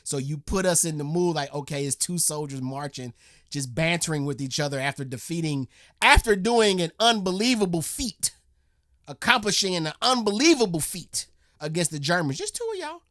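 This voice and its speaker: A woman's voice: low voice, expressive, normal speed, fairly bright tone, no echo, studio quality. A woman giving a casual reaction, acting out little scenes and swearing freely. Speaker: reaction video host.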